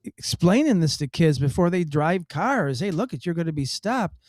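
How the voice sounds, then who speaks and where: A man's voice: on the high side, big pitch swings, moderate pace, darkish tone, no room sound, studio quality. A man co-hosting a radio show in casual chat, rambling and incredulous, often restarting his sentences. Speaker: radio co-host.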